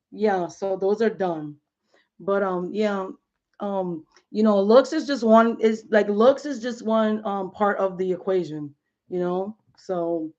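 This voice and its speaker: A woman in her thirties hosting a live stream from home, chatting casually and animatedly in slangy talk full of fillers. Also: medium pitch. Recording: dull lo-fi stream audio.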